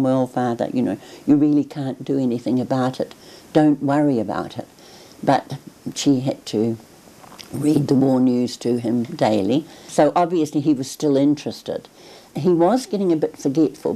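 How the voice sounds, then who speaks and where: An older woman, reflectively recalling family memories in an oral history interview, pausing and restarting as she goes. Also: very deep voice, dark tone, poor audio. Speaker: interviewee recalling her grandfather.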